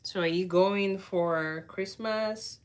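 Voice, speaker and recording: A woman's voice: mid-range voice, slow, clear, resonant tone. A woman hosting a casual livestream, chatting with viewers and answering their comments, laughing often. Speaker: livestream host.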